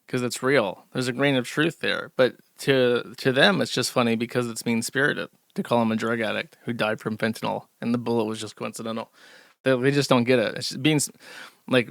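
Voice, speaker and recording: Sharp-voiced sarcastic male streamer. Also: medium pitch, creaky, no echo, clean studio sound. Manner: sarcastic, rambling with fillers and laughs. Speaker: streamer host. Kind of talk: casual ranting commentary.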